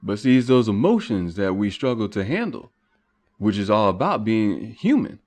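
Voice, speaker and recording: A man's voice: on the low side, big pitch swings, moderate pace, darkish tone. Rambling man musing aloud. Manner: rambling, full of rhetorical questions and restarts. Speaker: podcast host. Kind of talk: philosophical monologue.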